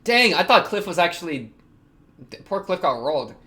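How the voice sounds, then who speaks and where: Young male reaction streamer, higher-pitched, excitable and chatty, talks back to the screen. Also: moderate pace. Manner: excitable, laughs often, talks to the characters on screen. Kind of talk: casual reaction commentary.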